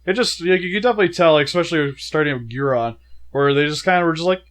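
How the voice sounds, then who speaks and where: A young man co-hosting a casual movie review, chatty and animated with lots of filler words, feeling sick. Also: on the high side, very fast. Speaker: co-host of a movie review show.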